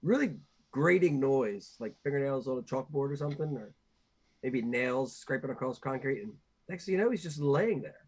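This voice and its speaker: A man's voice: medium pitch, animated, normal speed, a little mellow, slightly rough. A man playing a tabletop game online, loopy and joking while on cold medicine. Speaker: player.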